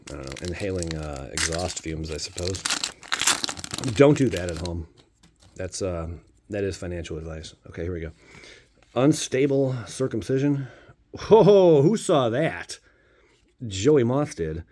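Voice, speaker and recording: A man's voice: low voice, a little mellow. A man casually opening trading card packs on his channel, playful and jokey, with goofy outbursts and rambling asides. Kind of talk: casual pack-opening commentary.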